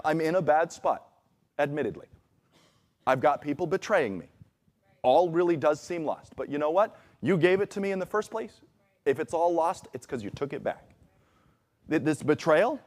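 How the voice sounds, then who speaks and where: Guy preaching a sermon, lively up-and-down voice, acts out quotes, talks like a chat. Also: a little high. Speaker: pastor. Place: church sanctuary.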